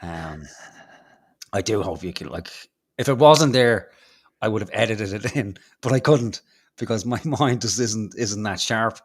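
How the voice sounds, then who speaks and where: A man's voice: fairly low pitch, animated, a little slow, a little hiss or hum. An Irish man hosting a podcast in casual chat, rambling and swearing freely with many ums. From Ireland. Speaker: podcast host.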